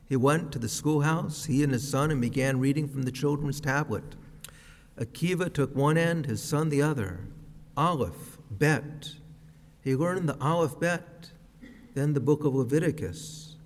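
A man preaching a sermon as a rabbi, with a slow, measured, reflective delivery. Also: fairly high pitch. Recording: long reverb of a large hall.

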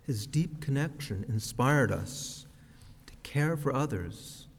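A man preaching a sermon as a rabbi, with a slow, measured, reflective delivery. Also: mid-range voice, expressive, breathy edge. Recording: long reverb of a large hall.

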